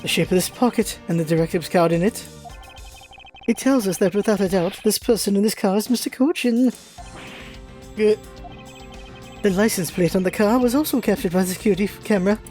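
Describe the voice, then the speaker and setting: Formal male prosecutor , read by a woman, measured delivery, mellow tone, faint music underneath. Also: medium pitch, natural voice. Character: confident male prosecutor investigating a case. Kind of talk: reading game dialogue aloud.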